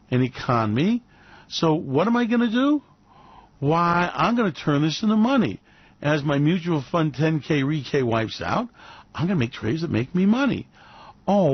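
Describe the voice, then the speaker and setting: A man's voice: fairly high pitch, no echo, lo-fi sound. A man hosting a radio show, ranting sarcastically and slipping into mocking, theatrical silly voices.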